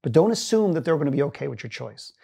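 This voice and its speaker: A man's voice: a little high, fast talker, vocal fry, slightly rough. A middle-aged man, a guest and inspirational speaker, telling stories earnestly in a long interview, often restarting his sentences. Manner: earnest, animated storytelling with frequent restarts. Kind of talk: storytelling in a long-form interview.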